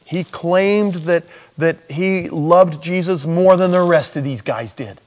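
A man's voice: on the high side, slow pace, darkish tone, in a large hall. A man preaching a sermon in a humorous, conversational storytelling way, acting out quoted dialogue.

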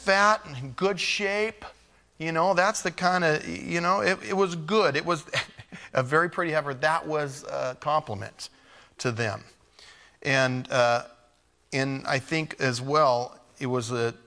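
A man's voice: medium pitch, a bit bright. Male preacher, mid-range voice, verse-by-verse Bible teaching, casual and conversational between readings. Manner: conversational, with asides and restarts.

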